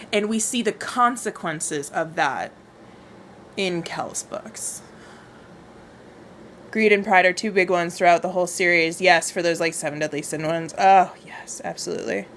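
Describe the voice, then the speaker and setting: Speaking into a wireless microphone, a young woman hosts a casual livestream book club, gushing as she reads out viewer comments and repeating her phrases often. She has a mid-range, slightly bright voice, with slight background noise.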